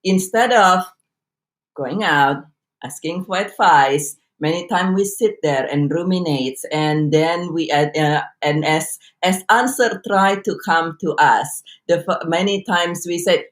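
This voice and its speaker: A woman's voice: fairly low pitch, measured pace. A woman speaking as a guest in a discussion on a video call, reflective and full of rhetorical questions. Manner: reflective, asks rhetorical questions, repeats words. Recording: echoey room sound.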